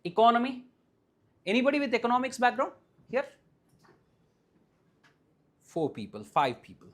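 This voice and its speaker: Lively Indian English teacher quizzing a class. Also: mid-range voice. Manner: keeps quizzing the class and checking understanding; repeats key points slowly and firmly. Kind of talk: live classroom lecture. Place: classroom with students present.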